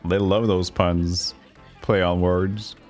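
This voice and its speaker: A man's voice: sits low, flat delivery, slow pace, a little mellow, faint music behind. A man livestreaming a retro game, chatting casually and reading the game's narration aloud. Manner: chatty, laughs at the jokes, reads narration aloud. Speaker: game streamer.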